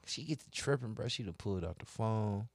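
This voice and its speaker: A man telling crude stories in casual chat, animated and profane, acting out both sides of conversations. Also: on the low side, brisk. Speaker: podcast co-host telling stories.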